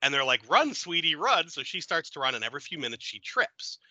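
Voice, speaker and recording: A man hosting a podcast, retelling a film in a giggly, animated way. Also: medium pitch, fast talker, no echo, low-quality recording. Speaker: podcast host. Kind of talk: casual film review chat.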